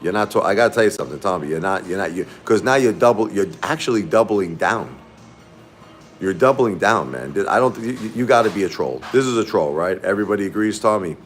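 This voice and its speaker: A middle-aged man hosting a livestream from a fast-food restaurant. He rambles casually to his chat, repeating himself and calling viewers by name. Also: fairly low pitch, expressive, faint music behind. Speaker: livestream host.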